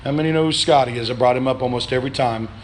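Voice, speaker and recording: A man pastor preaching a sermon in a church, calling for answers from the congregation, swinging between loud, shouted pleas and low, quiet reflection. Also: racing, slight background noise. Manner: preaching with call-and-response, rising to shouts then dropping low. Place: church sanctuary.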